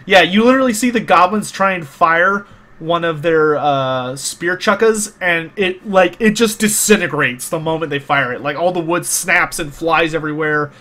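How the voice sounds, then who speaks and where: A man's voice: on the high side, moderate pace, sharp tone. A man narrating as game master of a tabletop game, loose and casual with lots of fillers and restarts.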